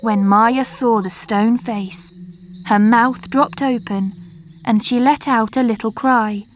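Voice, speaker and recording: A woman narrating a storybook chapter in a slow, clear reading manner. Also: fairly high pitch, steady tone, slight background noise.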